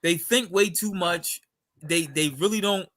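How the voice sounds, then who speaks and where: A man with a high, bright voice debating basketball on a podcast. He starts and restarts his sentences and cuts in on the others. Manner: halting, repeats words, interrupts. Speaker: podcast co-host. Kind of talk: heated sports debate.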